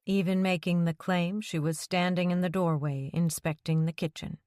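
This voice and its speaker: A woman narrates a romance audiobook in an even, measured way. Her voice sits low, and the recording is dry and close. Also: no echo. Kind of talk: scripted narration.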